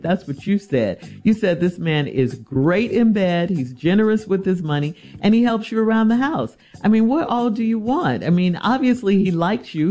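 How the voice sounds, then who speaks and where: A woman's voice: on the low side, dark tone. A woman hosting a radio advice show, reading a listener's letter and giving blunt, teasing advice.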